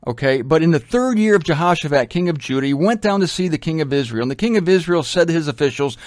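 A man's voice: on the high side, animated, fast talker, a little mellow, no room sound, clean studio sound. A man teaching from the Bible in a casual, conversational way, with joking asides. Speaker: preacher.

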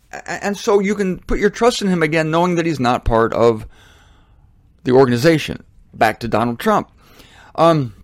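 A man's voice: mid-range voice, no echo, studio quality. Blunt, fervent American man. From Ohio, United States. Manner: blunt, fervent, rising to emphatic peaks. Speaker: Christian teacher. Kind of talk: monologue.

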